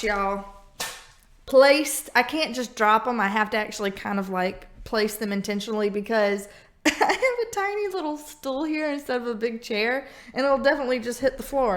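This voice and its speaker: A woman's voice: fairly high pitch, a bit bright. A woman doing a casual tarot reading vlog, irreverent and profane, laughing often. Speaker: tarot reader.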